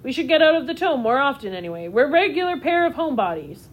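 A woman reading a storybook, voicing a gentle, kind-hearted middle-aged father who makes umbrellas. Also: sits high, big pitch swings, quick pace, phone-quality sound, voice pushed up.

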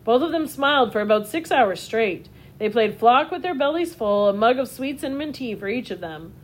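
A woman narrating a children's storybook in a steady, expressive reading voice. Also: on the high side, moderate pace.

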